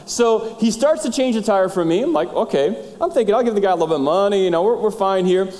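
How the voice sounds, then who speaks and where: A middle-aged male pastor telling a story in a sermon, animated and acting out the dialogue. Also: high-pitched, quick pace. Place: church sanctuary. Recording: church hall reverb.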